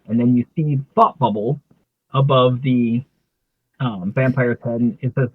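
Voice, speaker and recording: A man's voice: medium pitch, steady tone, normal speed, breathy edge, no room sound. A man in casual chat, walking through his comic pages and lightly acting out the characters' lines. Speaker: artist co-host. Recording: tinny phone-like dry sound.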